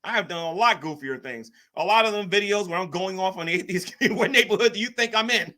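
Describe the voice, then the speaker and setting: A man's voice: high-pitched, sing-song, normal speed, sharp tone. A man hosting a casual livestream, rambling and repeating himself as he reacts to chat. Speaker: livestream host.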